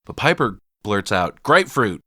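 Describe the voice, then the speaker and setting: A man's voice: fairly low pitch, fairly quick, no echo, clean studio sound. An American man co-hosting a podcast, casually recapping a film and acting out lines with lots of swearing. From United States. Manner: animated retelling with put-on quotes, swears often. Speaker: podcast co-host. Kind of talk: casual movie recap chat.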